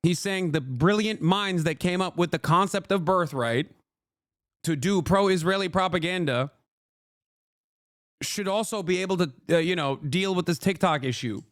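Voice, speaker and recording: A man's voice: high-pitched, moderate pace, a bit bright, no room sound, studio quality. A man streaming live, commenting on clips in a rambling, emphatic way and talking to his chat.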